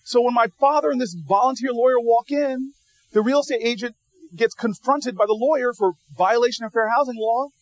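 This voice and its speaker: A man giving a storytelling speech to an audience, animated and humorous, often repeating words as he restarts a sentence. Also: very high-pitched, brisk, dry recording, low-quality recording. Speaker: public speaker addressing an audience.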